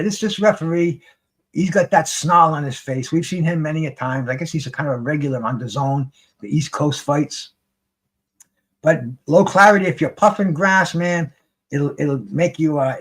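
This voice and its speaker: Zachrypnięty mężczyzna, luźny komentarz bokserski. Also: male voice, on the high side. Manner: rambling, swears freely, many restarts, excitable. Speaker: streamer commenting on a live boxing broadcast. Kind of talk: casual live fight commentary.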